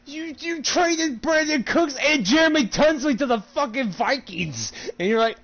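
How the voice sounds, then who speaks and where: Animated, swearing man, lo-fi sound. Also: very high voice, moderate pace. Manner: animated, profane, laughs often. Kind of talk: casual chat while gaming.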